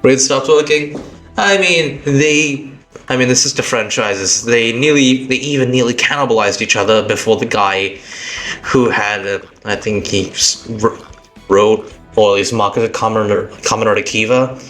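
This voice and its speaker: A man's voice: medium pitch, moderate pace, a bit bright, soft background music. A man with a British accent, a tired streamer chatting casually on a live stream, rambling and correcting himself as he goes.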